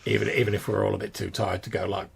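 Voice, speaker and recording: A tired man with a low, gravelly voice, talking about the game in a halting ramble full of restarts and casual swearing. A faint background hiss runs under the recording. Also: flat delivery. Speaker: player. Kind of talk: casual tabletop game chat.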